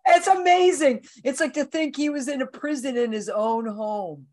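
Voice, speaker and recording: A woman hosting a podcast interview, listening attentively and reacting with soft "mm-hmm"s. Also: high voice, normal speed. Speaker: podcast host.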